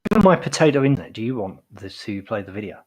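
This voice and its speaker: A man's voice: fairly low pitch, sing-song, quick pace. A man co-hosting a live chat show, dropping sardonic, mock-outraged asides. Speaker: co-host.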